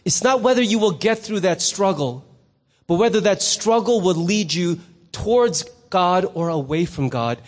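High-voiced pastor preaching in a reverberant church. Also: male voice, moderate pace. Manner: conversational, with rhetorical questions. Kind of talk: sermon. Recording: long reverb in a hall.

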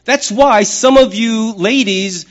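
A middle-aged man preaching a sermon as pastor, conversational and humorous, with lively acted-out asides. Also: high voice, slow pace, lo-fi sound.

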